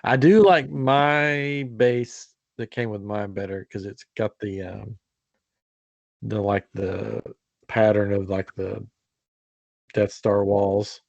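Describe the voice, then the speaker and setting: Casting: gravelly man, playful teasing co-host, dry muffled stream audio. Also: lowish voice, steady tone, slow pace, dry recording. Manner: teasing, laughs often. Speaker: podcast co-host. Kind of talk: casual live-stream chat.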